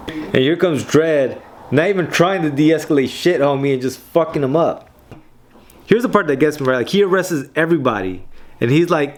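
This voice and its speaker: A man's voice: medium pitch, lively intonation, moderate pace. A man hosting a comic book reading, talking casually with slang and swearing, often checking in with "right?". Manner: loose slangy talk, swears, keeps asking "right?". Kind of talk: casual commentary on comic panels.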